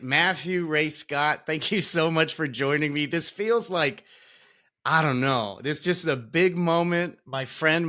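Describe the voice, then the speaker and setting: A man's voice: fairly high pitch, bright, forceful tone. Upbeat man hosting a podcast. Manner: upbeat, laughs often, restarts sentences. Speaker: podcast host. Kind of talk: casual podcast interview.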